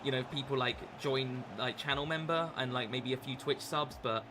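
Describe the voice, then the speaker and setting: A man's voice: medium pitch, fairly even intonation, normal speed, background noise. A young man chatting casually on a live stream while gaming, rambling with lots of fillers and restarts. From England.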